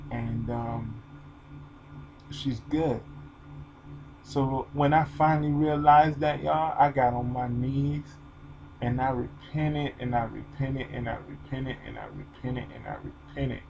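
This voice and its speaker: A man's voice: mid-range voice, steady tone, slow pace, gravelly, noisy background. A man talking to his channel in an emotional, informal, rambling way, full of fillers. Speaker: vlogger. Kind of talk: personal video monologue.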